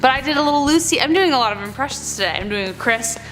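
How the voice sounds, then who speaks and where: A woman's voice: high voice, expressive, fast talker, fairly bright tone. A woman reacting to scary video clips, with jumpy exclamations and chatty asides. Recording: music clearly playing behind.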